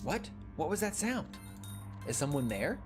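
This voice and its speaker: A man voicing a terrified, wealthy child in a game, first defiant, then pleading for their life in a high voice. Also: big pitch swings, a little slow, music in the background. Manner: high, pleading, rising into panic.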